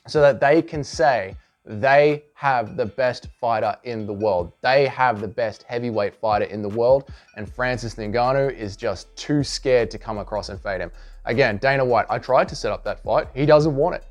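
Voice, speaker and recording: A man hosting his own channel, giving casual opinion commentary in an animated, emphatic way. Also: mid-range voice. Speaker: host and commentator.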